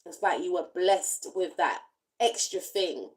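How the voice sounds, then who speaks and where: A woman giving a spiritual tarot card reading, speaking in gentle, reflective, loosely repeating phrases. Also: lowish voice, animated, unhurried, low-quality recording. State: briefly emotional. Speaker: tarot reader.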